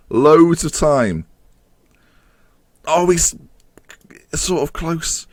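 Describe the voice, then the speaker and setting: A man giving excitable live commentary while playing a football management game, groaning and swearing at the match, his voice climbing higher as chances come near. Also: takes it slowly, long pauses, no room sound, clean studio sound. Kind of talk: live let's-play commentary.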